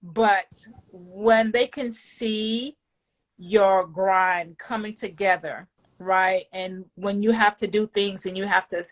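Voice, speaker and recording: A woman's voice: medium pitch, slow pace. A woman giving an emotional, effusive client testimonial, often repeating words when moved. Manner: effusive, animated, faith-filled.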